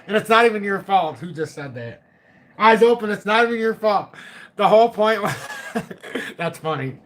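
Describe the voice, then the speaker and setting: A man's voice: sits high, lively intonation, moderate pace, a bit bright. A middle-aged man hosting a live chat stream, joking, laughing often and swearing casually. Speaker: livestream host.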